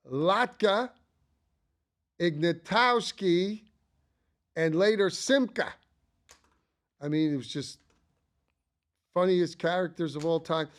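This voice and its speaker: An older man talks through his favorites in a loose, chatty monologue. He sounds enthusiastic and rambles into asides, his voice sitting a little on the high side. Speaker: channel host. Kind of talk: casual ranking monologue.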